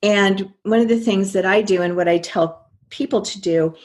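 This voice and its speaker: A woman's voice: mid-range voice, normal speed, darkish tone. An older woman, a guest in an interview, telling her story earnestly and quoting her own past thoughts.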